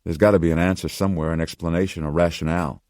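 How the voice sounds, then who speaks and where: A man voicing a driven male doctor, pushing out quick, pressing questions. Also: deep voice, steady tone, a little mellow, no room sound, studio quality. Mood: urgent.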